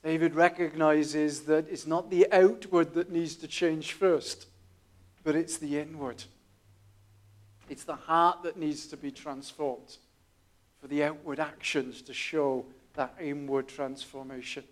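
A man preaching a sermon, telling stories in a quiet, earnest way with small restarts. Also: fairly high pitch, fairly even intonation, unhurried.

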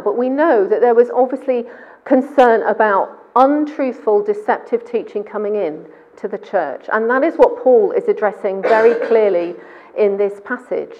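A woman's voice: a little high, lo-fi sound. A woman preaching a sermon in church, talking conversationally and quizzing her congregation.

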